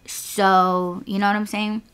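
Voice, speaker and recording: A woman's voice: medium pitch, level tone, takes it slowly, fairly bright tone, clean tone. Exasperated young woman telling a story. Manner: exasperated, candid, swears freely, acts out quotes. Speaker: podcast host and rideshare driver. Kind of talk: casual storytelling monologue.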